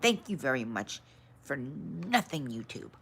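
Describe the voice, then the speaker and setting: A woman's voice: very animated, unhurried, creaky, husky. Frustrated woman livestreaming, grumbling. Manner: frustrated, grumbling at her tech; switches to bright, high greetings for viewers. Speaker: livestream host. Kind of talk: casual livestream chat.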